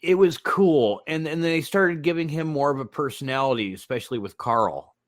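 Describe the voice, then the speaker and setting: Man co-host, easygoing podcast talk, quick to laugh, acts out quotes. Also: on the high side, no echo, clean studio sound. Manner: laughing, animated retelling. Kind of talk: casual chat.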